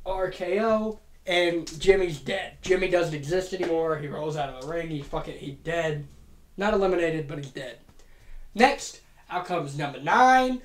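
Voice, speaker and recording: A woman hosting a comedic monologue, telling a made-up wrestling card in a profane, excitable, rapid-fire way. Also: fairly low pitch, a little hiss or hum. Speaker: host. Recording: roomy echo.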